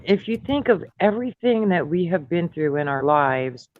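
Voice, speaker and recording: A man in his fifties speaks with a somewhat high voice, earnest and a little defiant. He chats casually over a dull, lo-fi online call. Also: sing-song, normal speed, no echo. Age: 50s. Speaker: chat participant. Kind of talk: casual group voice chat.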